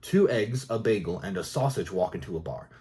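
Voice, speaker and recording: Man reading jokes in soft ASMR style. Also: deep voice, expressive, brisk. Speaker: joke reader.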